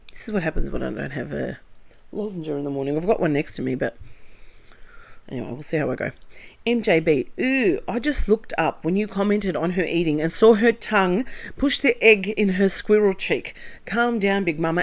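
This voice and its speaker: Lady doing commentary, reads out viewer comments, kinda low voice, blunt and chatty. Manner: blunt and opinionated, chatty asides. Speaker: commentary channel host.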